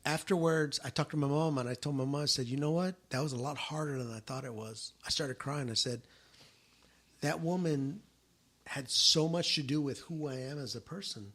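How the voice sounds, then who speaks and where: A man's voice: on the high side, normal speed, fairly bright tone. A middle-aged man in casual podcast chat, telling a personal story and voicing the people in it. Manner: storytelling, acts out quoted relatives. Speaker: podcast co-host.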